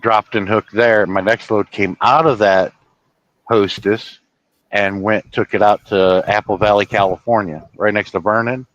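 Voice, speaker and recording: A man's voice: lowish voice, steady tone, measured pace, fairly bright tone. Rambling, cussing trucker guy, dull lo-fi sound. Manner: storytelling with swearing and restarts. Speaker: truck driver streaming. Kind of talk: casual rambling chat.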